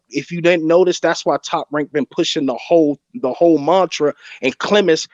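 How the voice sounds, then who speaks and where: A man's voice: fairly high pitch, no room sound. A man on a video call, arguing boxing in a heated casual debate and repeating his points insistently. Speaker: boxing podcast panelist. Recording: dull lo-fi call audio.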